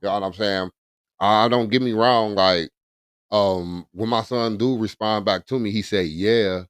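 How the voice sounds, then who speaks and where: A man's voice: lowish voice, steady tone, moderate pace, fairly bright tone, smooth, no room sound. A man chatting casually as a podcast co-host, laid-back and repeating "you know what I'm saying". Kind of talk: casual chat.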